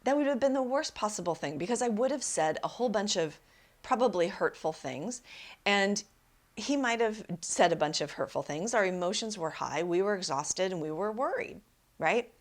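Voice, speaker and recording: A woman's voice: mid-range voice, expressive, moderate pace. A woman life coach hosting a podcast, telling a personal story and giving relationship advice in an emphatic, conversational way, often asking "right?". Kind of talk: solo podcast talk.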